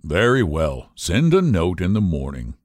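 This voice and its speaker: A man's voice: low-pitched, huge pitch swings, a little slow, a little mellow, no echo, clean studio sound, full character voice. A man voicing a proper upper-class husband who speaks in a tense, clipped, impatient way.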